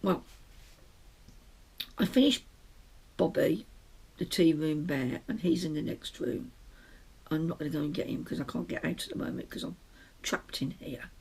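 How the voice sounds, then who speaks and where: Gravelly, husky chatty crafting woman. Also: sits low, a little mellow. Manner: rambling, chatty, self-interrupting. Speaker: podcast host. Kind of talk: casual knitting podcast chat. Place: small closed room at home.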